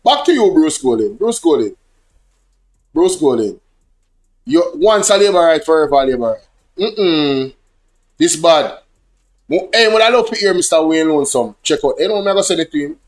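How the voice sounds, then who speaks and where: Animated Jamaican man, higher voice. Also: normal speed, long pauses. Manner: animated, slips between English and patois, addresses chat directly. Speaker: livestream host. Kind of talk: casual livestream commentary.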